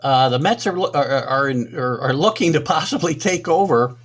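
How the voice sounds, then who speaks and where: A man's voice: mid-range voice, moderate pace. A man hosting a live sports talk stream, flustered and apologetic, muttering to himself while fighting technical trouble. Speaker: sports talk show host.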